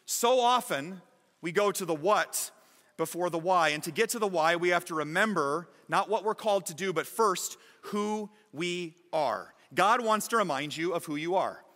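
A man delivers an emphatic, energetic sermon to his congregation. His voice sits high and sounds bright and forceful. The large church hall adds a long reverb tail. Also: normal speed. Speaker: pastor.

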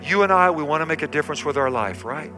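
A man's voice: on the high side, animated, fast, over music. An older man preaching a sermon as pastor in a church, emphatic and repetitive, calling out to the congregation. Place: church sanctuary.

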